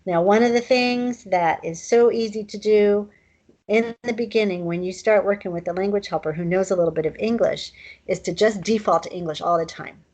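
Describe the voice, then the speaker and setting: A woman's voice: medium pitch, moderate pace, a little mellow, poor audio. A woman teaching a recorded online language lesson in a casual, chatty way, with fillers and asides.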